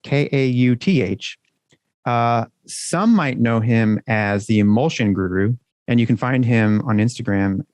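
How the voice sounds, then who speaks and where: A man's voice: medium pitch, measured pace, a little mellow, no room sound. Joking, swearing podcast co-host man. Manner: chatty, joking, swears freely. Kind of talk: casual podcast banter.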